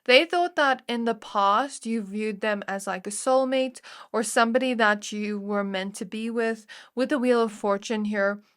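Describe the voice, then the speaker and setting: A woman's voice: fairly high pitch, unhurried, hardly any pauses, a bit bright. A woman giving a casual pick-a-card tarot reading, speaking straight to the viewer in a chatty way with many fillers. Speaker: tarot reader.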